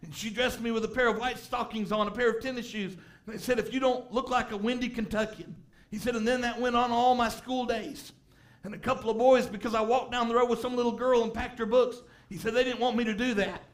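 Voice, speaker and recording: A man preaching a sermon, telling a story and rising to shouts of emphasis. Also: very high voice, steady tone, a little fast. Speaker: pastor.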